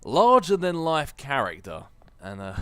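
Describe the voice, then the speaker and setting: A man's voice: on the high side, huge pitch swings, a little slow, a bit bright, smooth, no echo. A man giving casual, jokey commentary over a video game, musing aloud and laughing often. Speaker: gameplay commentator. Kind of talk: casual Let's Play commentary.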